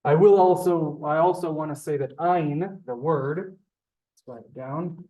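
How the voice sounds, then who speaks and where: A man teaching a live beginners' Hebrew class, halting and repeating words, polite to his students. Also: on the high side, muffled recording.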